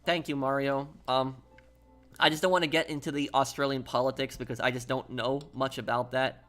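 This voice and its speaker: A man's voice: medium pitch, level tone, a little fast, fairly bright tone, soft background music. A man streaming a game and chatting casually with his viewers, rambling and repeating himself as he tells a story. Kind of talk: casual live-stream chat while gaming.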